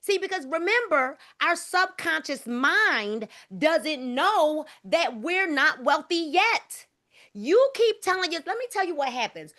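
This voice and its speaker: A woman's voice: high-pitched, fairly bright tone. A woman leading a motivational group video call, emphatic and preachy, repeating her phrases and calling the group y'all.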